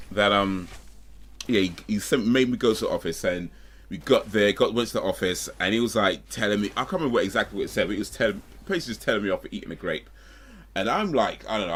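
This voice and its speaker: A man with a lowish, slightly rough and somewhat bright voice tells a rambling story casually while streaming. He often corrects himself, uses plenty of fillers, and breaks off with asides.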